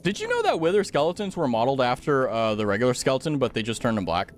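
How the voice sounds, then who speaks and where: Playful young man with a very lively voice. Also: medium pitch, fast, few pauses, faint music behind. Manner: playful, chatty, talks to chat. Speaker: streamer. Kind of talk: casual gaming commentary.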